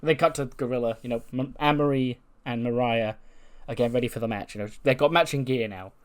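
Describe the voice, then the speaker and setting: A man's voice: mid-range voice, fast talker. A man casually narrating a wrestling simulation playthrough, chatty and full of fillers. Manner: chatty, filler-heavy, laughs now and then. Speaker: game narrator.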